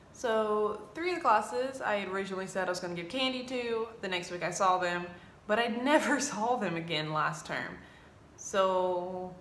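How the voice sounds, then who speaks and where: A woman's voice: medium pitch, a little hiss or hum. Young woman vlogging in an echoey room. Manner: animated, acts out students' lines in quoted voices. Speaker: English teacher in China. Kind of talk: casual vlog storytelling.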